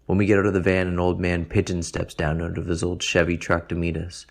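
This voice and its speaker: A man reads a first-person story in a dry, deadpan way, unbothered even by crude details. His voice sits very low and keeps a flat, level line. The delivery stays unhurried and even. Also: vocal fry. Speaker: narrator. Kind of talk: first-person literary narration.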